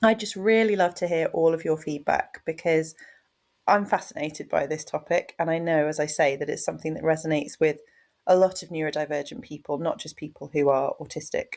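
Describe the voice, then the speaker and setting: A woman hosting a solo podcast, talking frankly and chattily, with casual swearing and lively shifts into quieter asides. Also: sits low, fairly quick. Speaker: podcast host.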